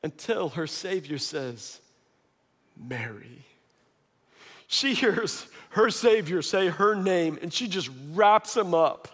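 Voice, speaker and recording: A man preaching a sermon, retelling scripture as lively storytelling and acting out the quoted voices. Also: high voice, a little slow, few pauses. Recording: long hall reverb.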